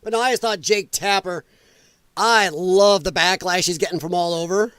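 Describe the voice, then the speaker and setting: A man's voice: high-pitched, normal speed, fairly bright tone, clean tone, no room sound. A male livestream host giving blunt, mocking political commentary with a casual, ranting delivery.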